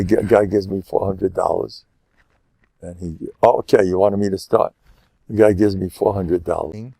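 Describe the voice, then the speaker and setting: Older rabbi with a gravelly voice. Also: male voice, no room sound. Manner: animated, leaps to high excited pitch, laughs at his own stories; halting restarts, mixes Yiddish and Hebrew words into English. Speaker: rabbi giving a lecture. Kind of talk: lively storytelling sermon.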